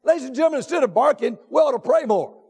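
A man preaching a sermon from the pulpit, emphatic, drawn out and repetitive, rising to shouts on his key points. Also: very high-pitched, expressive, creaky, husky. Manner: drawn-out deliberate phrasing with repetitions. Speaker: pastor. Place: church sanctuary. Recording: long reverb of a large church hall.

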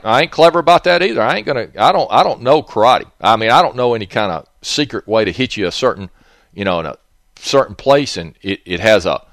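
A man's voice: mid-range voice, a bit bright, no room sound, clean studio sound. A man with a Southern accent, hosting a rambling monologue in a blunt, profane, digressive way.

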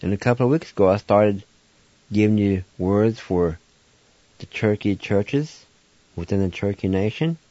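Man, low mellow voice, slow deliberate radio lesson, dry dull lo-fi sound. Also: dry recording. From Oklahoma, United States. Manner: patient, spells words out slowly. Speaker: language teacher. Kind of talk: slow radio language lesson, spelling out syllables.

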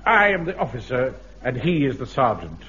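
An actor playing a pompous, self-important middle-aged Home Guard captain in a radio sitcom. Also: male voice, mid-range voice, sing-song, normal speed, lightly acted. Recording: muffled old radio recording with hiss.

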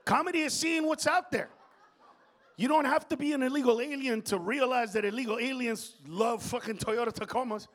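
A male stand-up comedian on stage, brash and profane, jumping between loud rants and low muttering. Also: a little fast, a little hiss or hum. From Honduras. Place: comedy stage before a live audience.

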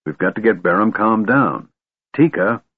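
A hulking warrior with a low, husky growl and a blustering, commanding way of speaking, as a male narrator acts him. The recording is dry and thin, like a phone call. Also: animated, moderate pace, dry recording. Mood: urgent. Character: big gruff human warrior, commanding. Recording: tinny narrow-band recording.

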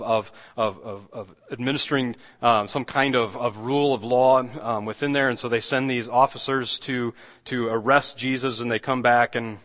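A man's voice: mid-range voice, fairly bright tone, big-room sound. A man preaching a sermon as pastor, talking in a loose conversational way with many restarts and acting out the quoted lines.

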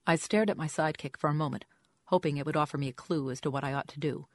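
A woman's voice: sits low, fast talker, dry recording. A woman reading a first-person story aloud in a dry, wry storytelling manner. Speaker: audiobook narrator. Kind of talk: scripted first-person narration.

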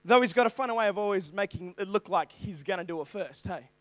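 A man preaching a youth sermon, digressing freely and reading scripture in sudden loud, forceful bursts. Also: sits high, animated, fast, no echo. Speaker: youth pastor.

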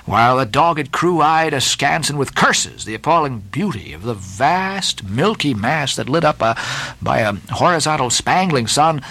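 A man's voice: fairly high pitch, poor audio. A man giving a dramatic, theatrical reading of a classic novel as an audiobook narrator. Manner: expressive, theatrical storytelling.

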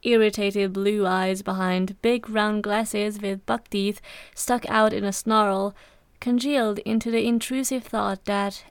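A woman reading a fan story aloud in a steady, even narration. Her voice is smooth and clear, recorded dry and close to the mic. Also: mid-range voice, dry recording. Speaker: podfic reader. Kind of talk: scripted narration.

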